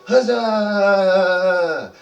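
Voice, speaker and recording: A man voicing a crowd of rowdy young goblins, chanting loudly in a singsong. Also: very high voice, steady tone, a little slow, echoey room, distant mic, muffled recording, soft background music, voice pushed up.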